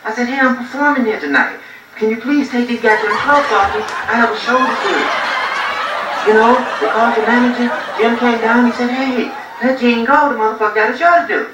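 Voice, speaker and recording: Male stand-up comic, high voice, profane rambling storyteller, recorded from afar in a roomy club with a laughing crowd. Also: brisk, distant mic, very noisy. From Gary, Indiana. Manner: profane, loose storytelling with lots of asides. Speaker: stand-up comedian. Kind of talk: live stand-up comedy. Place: comedy club stage.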